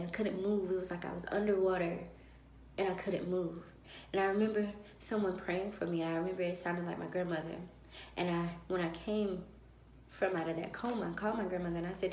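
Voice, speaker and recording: A woman vlogger telling a personal story in a lively way and acting out the dialogue of others. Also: lowish voice, a little hiss or hum. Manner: animated, acts out dialogue. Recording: roomy echo.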